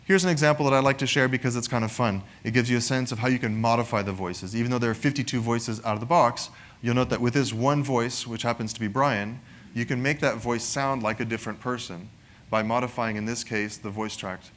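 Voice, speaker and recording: A man's voice: mid-range voice, fairly even intonation, a little fast, a bit bright. A man giving a conversational technical product presentation, often adding "right?" to his points. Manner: conversational, frequent "right?" tag questions.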